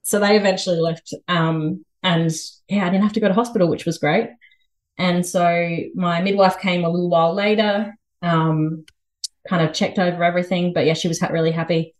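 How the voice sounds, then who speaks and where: A woman in her thirties with an Australian accent, a podcast guest telling a story in a lively, chatty way and laughing often. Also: lowish voice, moderate pace. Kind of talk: casual storytelling interview.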